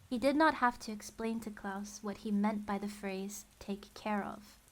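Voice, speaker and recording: A woman's voice: mid-range voice, normal speed. Woman reading a story aloud, wry and dry. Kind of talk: audiobook-style book reading.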